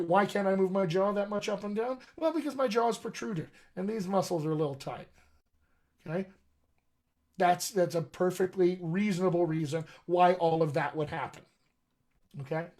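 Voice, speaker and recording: A man's voice: high-pitched, moderate pace, a little mellow. A man teaching a live online lesson on accents as a dialect coach, explaining step by step and checking in with "all right?". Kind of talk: live-streamed acting lesson.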